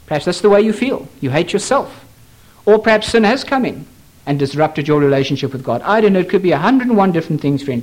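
A man preaching a sermon, earnest and pleading, asking the listener questions directly and slowing down for emphasis. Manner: earnest, pleading, dramatic swings in pitch and pace.

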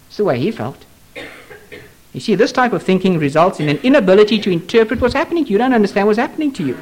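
A man preaching a sermon, earnest and pleading, asking the listener questions directly and slowing down for emphasis. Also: expressive. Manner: earnest, pleading, dramatic swings in pitch and pace.

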